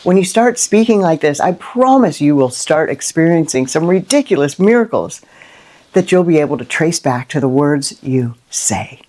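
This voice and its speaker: A middle-aged woman hosting a Christian inspirational video, talking unscripted and from the heart, with lively rhetorical questions and frequent "right?". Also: low-pitched, normal speed. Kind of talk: unscripted heartfelt monologue to camera.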